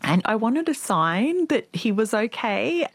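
A middle-aged woman who is a guest in an interview. She tells a deeply personal story in an earnest, reflective way, speeding up and slowing down as she goes. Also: very animated, husky, no echo.

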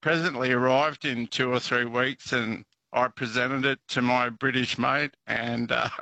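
Man, radio caller, chatty storyteller, bright tone, dry sound. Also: mid-range voice, fairly even intonation, a little slow, creaky, no room sound, rough recording. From Australia. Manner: chatty, hesitant, laughing. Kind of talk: telling a story on the phone.

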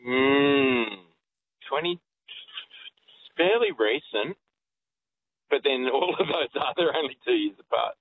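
A man's voice: medium pitch, expressive, slow pace, pauses often, slight background noise. A man, joking and stammering as he chats on a radio show by phone. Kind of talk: casual radio chat. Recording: tinny phone line.

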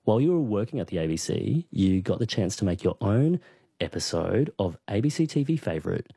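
Aussie woman host, husky voice, pitch all over the place. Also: big pitch swings, fairly quick, dark tone, no echo, clean studio sound. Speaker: interview host. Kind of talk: interview.

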